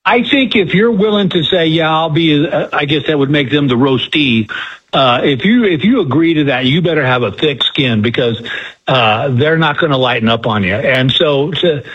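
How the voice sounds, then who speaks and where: A folksy older man spins stories as an interview guest, doing little voices for the people he quotes. His voice sits a bit high with a husky edge. It comes through a dull, lo-fi line. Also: lively intonation, moderate pace, a bit bright. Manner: folksy storyteller, acts out quotes. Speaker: comedian guest. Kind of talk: casual storytelling interview. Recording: muffled lo-fi phone-like audio.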